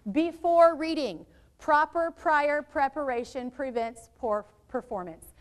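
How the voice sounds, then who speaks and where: This middle-aged woman's voice sits high as she trains teachers in a workshop held in a room. Chatty and energetic, she peppers her presentation with asides to the educators, recorded on a worn mic.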